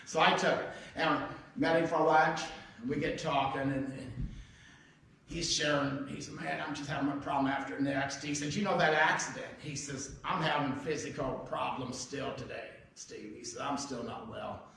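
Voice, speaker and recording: A man's voice: mid-range voice, steady tone, moderate pace, vocal fry, a bit bright, a little hiss or hum. Folksy pastor man telling a story in an echoey church. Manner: conversational, folksy storytelling, acting out quoted dialogue. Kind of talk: storytelling sermon. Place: church sanctuary. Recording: echoey church hall, mic heard from a distance.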